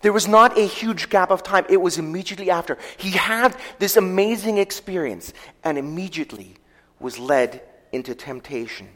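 A man preaching a sermon, retelling scripture in a storytelling way, slowing down for quoted verses and letting his volume rise and fall. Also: high-pitched, animated, a bit bright. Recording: long hall reverb.

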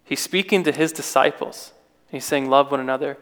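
A man's voice: mid-range voice, normal speed, a bit bright, clear, resonant tone, in a large hall. A man preaching an informal sermon in a conversational way, with restarts and rhetorical questions.

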